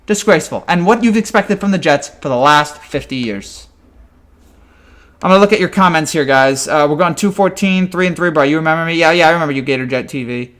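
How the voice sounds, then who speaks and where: A man's voice: a little high, brisk, a bit bright. A man in a fan reaction rant, exasperated and ranting with frequent stammered restarts. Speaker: sports fan commentator.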